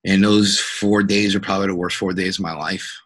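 A middle-aged man, a police officer, telling a personal story in a podcast interview in a halting, earnest way with many fillers and restarts. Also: low voice, little pitch movement, fairly bright tone.

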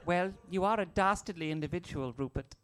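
A woman's voice: fairly low pitch, a little fast, natural voice. A woman playing a kooky giggly henchwoman. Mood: gushing. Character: kooky, dreamy, posh-sounding female henchwoman. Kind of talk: improvised comedy audio play.

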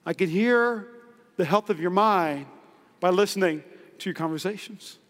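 A male pastor preaching a lively, humorous sermon in a church, acting out the quoted voices of everyday people. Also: sits high, moderate pace. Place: church sanctuary. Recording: long hall reverb in a church.

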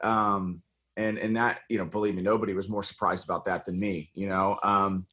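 A man's voice: low-pitched, flat delivery, normal speed, pushed and bright. A middle-aged American man speaking earnestly in a casual interview as a congressional candidate, with many fillers and restarts. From United States.

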